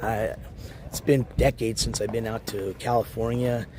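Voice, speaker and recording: A man livestreaming from a beach in the morning, hoarse and losing his voice, rambling as he walks and shouts out viewers in chat. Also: on the low side, steady tone, moderate pace, background noise. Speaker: IRL livestreamer. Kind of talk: casual live-stream chat.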